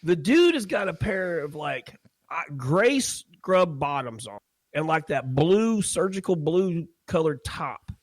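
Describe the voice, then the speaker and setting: A man co-hosting a podcast, telling a crude story in a casual, animated way and laughing often. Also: on the high side, slow pace, no echo. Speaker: podcast co-host.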